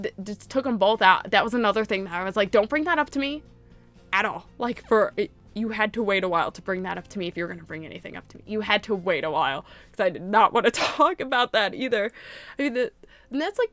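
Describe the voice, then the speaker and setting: A woman's voice: fairly high pitch, fairly bright tone. Gushing woman chatting casually. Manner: gushing, emphatic, lots of fillers. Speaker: YouTuber. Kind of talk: casual fan chat to camera.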